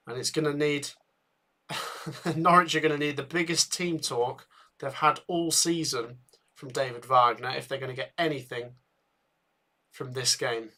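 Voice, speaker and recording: Man, tired, bright tense voice, slightly high, chatty live match host. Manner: excitable bursts at chances, chatty with viewers. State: tired, yawning. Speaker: football watchalong host. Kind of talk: live match commentary and chat.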